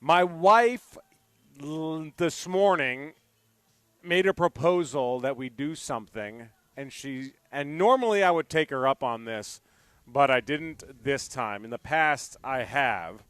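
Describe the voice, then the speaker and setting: A man hosting a live sports radio show from a remote venue, chatting in an animated, rambling storytelling way. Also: mid-range voice, slow, clean tone, no room sound. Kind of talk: casual on-air chat.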